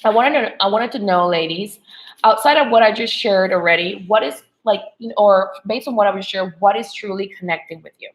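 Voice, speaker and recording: A woman's voice: mid-range voice, fairly quick, rough recording. Earnest spiritual love coach, woman. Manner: earnest, spiritual, peppered with "okay?" and "right?". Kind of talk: motivational talk to women viewers.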